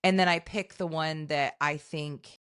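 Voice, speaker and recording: A woman's voice: low-pitched, measured pace, clean tone. A woman in her forties co-hosting a podcast, chatting casually and telling stories with lots of acted-out quotes. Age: 40s. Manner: animated storytelling, acting out voices in quotes. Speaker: podcast co-host. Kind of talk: casual chat.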